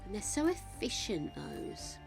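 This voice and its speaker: An older woman with a mid-range voice and vocal fry chats unhurriedly while streaming a game, her pitch swinging widely. Faint music sits behind her as she warmly calls viewers darlings and gorgeous ones in casual conversation.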